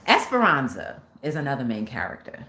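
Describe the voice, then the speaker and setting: Woman, talk show host, deep voice, animated storyteller, echoey room. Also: fairly quick. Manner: animated storyteller acting out scenes. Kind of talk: casual retelling of a film story. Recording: echoey room with faint noise.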